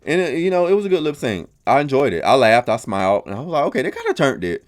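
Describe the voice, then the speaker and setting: A man hosts a casual reaction podcast, talking in a dramatic, gossipy way packed with slang and gasps. His pitch sits in a middle range but swings widely, leaping up for exclamations and dropping low for asides. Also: huge pitch swings, quick pace. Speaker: podcast host reviewing a TV show.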